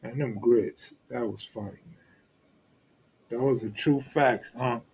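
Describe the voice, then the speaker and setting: A man's voice: medium pitch, slow pace, vocal fry, darkish tone, slight background noise. A man from California, hosting a live stream, chatting casually in loose street slang and joking with viewers. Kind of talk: casual chat reading live comments.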